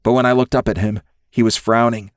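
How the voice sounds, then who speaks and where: A man narrating a first-person audiobook in a measured, intimate storytelling manner. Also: medium pitch, fairly even intonation, no room sound, studio quality.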